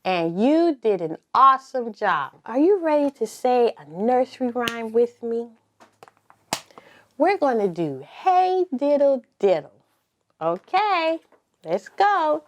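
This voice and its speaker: A woman leading a preschool circle time lesson, talking slowly and encouragingly and spelling words out letter by letter. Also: a little high, big pitch swings. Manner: slow, sing-song and encouraging, spelling letter by letter. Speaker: preschool teacher.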